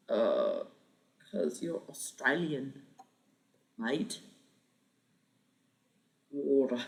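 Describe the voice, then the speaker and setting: A livestream host in their thirties chats casually with viewers in a mid-range voice that's bright and forceful. They ramble, swear freely, and laugh often.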